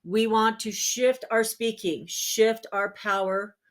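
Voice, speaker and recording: A woman hosting a spiritual healing channel, talking earnestly and encouragingly straight to her viewers, sometimes pausing to search for a word. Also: a little high, steady tone. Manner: searches for words aloud with fillers. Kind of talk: casual self-help talk.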